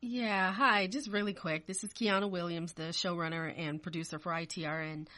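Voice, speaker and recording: A woman's voice: lowish voice, steady tone, moderate pace, sharp tone. A woman who is the show's producer, speaking in casual talk-show chat, hesitant with many ums. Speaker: showrunner and producer.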